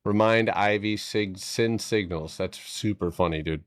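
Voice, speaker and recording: A man with a deep, low voice talks through stock charts on a live stream, cursing casually and cracking jokes between setups. The sound is dry and close, as if from a desk mic with no room around it. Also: a little slow, no echo. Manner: profane, joking, thinking aloud.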